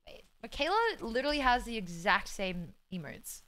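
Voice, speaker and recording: A woman's voice: mid-range voice, animated, moderate pace. A young woman from Australia streaming live, chatting casually with her viewers. She swears freely, sounds exasperated and laughs a lot. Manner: loud, profane, exasperated, laughing often. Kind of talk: casual live-stream chat, reading chat aloud.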